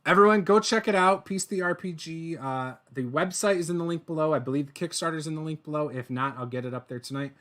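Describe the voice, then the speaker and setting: Eager male show host, slightly higher voice, rambles quickly while explaining. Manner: excitable, rambling storyteller. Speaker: podcast host. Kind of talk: casual interview chat.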